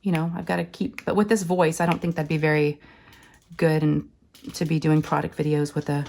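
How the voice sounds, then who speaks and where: Crafting vlogger, woman, sick and hoarse, gravelly low voice, chatty and rambling, full of fillers. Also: flat delivery, a little fast, a little mellow. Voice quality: raspy, scratchy. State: hoarse from illness. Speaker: crafting channel host. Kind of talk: casual chat while diamond painting.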